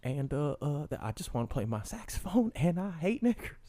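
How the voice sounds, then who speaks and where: A man doing a hesitant impression of an aging male politician, speaking with a soft, twangy drawl. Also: fairly high pitch, very animated, a little fast, no echo. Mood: mock-solemn. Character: impression of an aging male ex-president, denying things.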